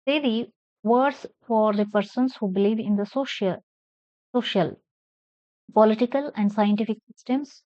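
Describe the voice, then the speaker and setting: A woman's voice: fairly high pitch, unhurried, dark tone, no echo, muffled recording. A woman teaching an English lesson, spelling words letter by letter and stressing syllables as she reads aloud.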